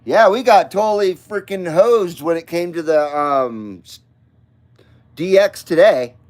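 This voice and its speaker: A Nevada man with a fairly high, slightly mellow voice hosts a casual late-night live stream at a measured pace. He wanders from topic to topic, cussing here and there, and keeps pausing to greet viewers by name.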